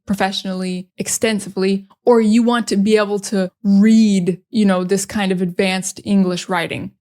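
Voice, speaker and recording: A woman's voice: mid-range voice, a little mellow. A woman gives a casual English lesson. She speaks frankly and emphatically, and she is not shy about her strong opinions. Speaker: English teacher.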